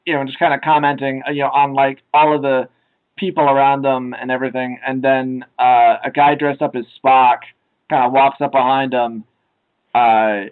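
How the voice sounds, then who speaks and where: A young man co-hosting a casual podcast, rambling with many filler sounds and now and then shouting out quoted lines. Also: mid-range voice, little pitch movement, normal speed, smooth, low-quality recording. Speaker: podcast co-host.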